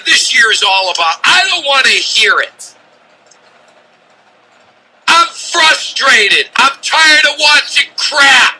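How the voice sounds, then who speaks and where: A man hosting sports talk radio, ranting and shouting in exasperation from the studio. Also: very high voice, slightly rough, poor audio.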